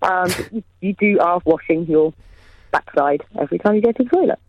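Chatty mum on radio, bouncy high voice, dry kinda lo-fi sound. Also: female voice, lively intonation, fairly quick. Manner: chatty, laughs often, self-deprecating. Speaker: guest, mother of three. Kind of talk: casual radio chat.

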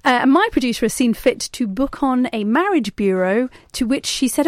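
A woman presenting on radio, chatty and brisk with a slightly high voice. She runs through the show's items with an amused edge, talking casually with her co-hosts. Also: lively intonation, a little hiss or hum. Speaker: radio show host.

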